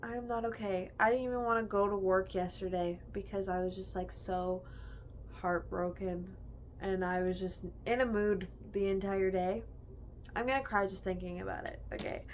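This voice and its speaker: In a casual book review chat, a young woman gushes and chats away, packing her speech with "like." Her voice is medium-pitched and a little fast, with a bit of hiss or hum in the audio.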